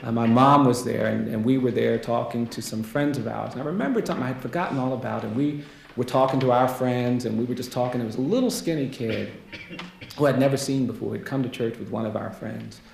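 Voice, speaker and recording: An American man delivers a keynote as a lawyer for people on death row. His voice is gravelly and his telling is hushed and earnest, and he builds to refrains he repeats. The stage microphone catches a roomy hall echo and a faint hiss. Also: mid-range voice, fairly quick. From United States. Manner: quiet, earnest storytelling with rhetorical repetition. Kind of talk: personal storytelling keynote. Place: lecture hall.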